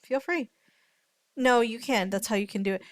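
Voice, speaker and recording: A woman's voice: a little high, moderate pace, no room sound. A woman streamer chatting casually, thinking aloud and greeting her chat viewers. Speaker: streamer reacting to a story video.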